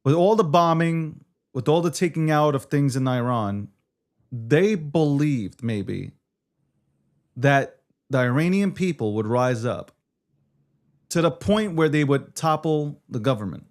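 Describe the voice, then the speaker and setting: Animated man, lively swinging pitch. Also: measured pace. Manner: animated, swears, frequent fillers like "you know" and "like". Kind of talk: political debate talk.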